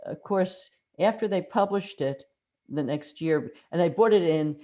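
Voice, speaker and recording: An older woman, a mystery author, telling animated anecdotes in an interview and acting out the quotes in them. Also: on the low side, a little slow. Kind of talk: conversational storytelling interview.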